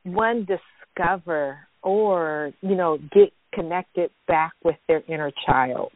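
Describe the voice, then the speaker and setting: Low-voiced woman hosting on a tinny line. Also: slow, no echo. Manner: enthusiastic, reads sponsor messages with fillers. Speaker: host. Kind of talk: casual podcast talk. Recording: tinny phone-like sound.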